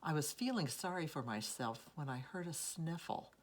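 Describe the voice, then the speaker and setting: A woman reading a children's story aloud in an expressive, unhurried storytelling manner. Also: deep voice. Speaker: storybook reader.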